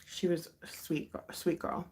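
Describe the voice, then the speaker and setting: A woman in her thirties from the United States, hosting a rambling, confiding livestream chat. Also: unhurried. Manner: rambling, confiding, with sighs and soft laughs. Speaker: livestream host. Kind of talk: casual chat.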